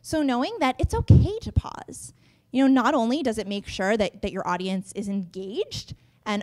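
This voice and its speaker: A young woman giving a lively, chatty workshop talk on public speaking to a room, laughing between points. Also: a little high, moderate pace. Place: conference room.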